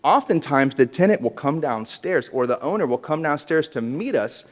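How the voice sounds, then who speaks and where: In a large indoor hall full of reverb, a keynote speaker at a realtors conference gives a punchy motivational speech and gets the audience to call back. His voice is on the high side and animated, moving at a normal speed.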